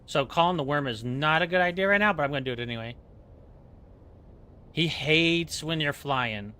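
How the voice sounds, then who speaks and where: A male game streamer with a bright, fairly high voice that carries a keen, forward edge. He chats loosely and jokes at his own expense, wandering from one aside to the next. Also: normal speed, smooth. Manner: joking, rambling, self-mocking. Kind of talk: casual chat while playing.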